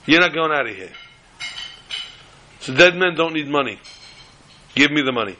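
A man's voice: a little high, lively intonation, normal speed, pushed and bright, a little hiss or hum. A man voicing a ruthless robber who talks in a blunt, threatening way. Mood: menacing. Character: ruthless male forest robber.

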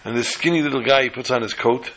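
A man telling a story aloud, acting out the characters' lines with a raised, excited voice. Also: mid-range voice, fast talker, rough recording. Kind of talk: animated oral storytelling.

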